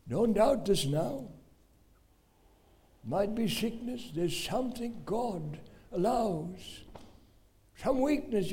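A man's voice: high-pitched, warm tone. A middle-aged man with a South African accent preaching a sermon, emphatic and given to exclamations as he tells stories.

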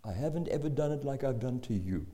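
A man voicing a stern dentist who preaches about sin, with a slow, solemn delivery. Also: medium pitch, lively intonation, mellow, natural voice. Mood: earnest.

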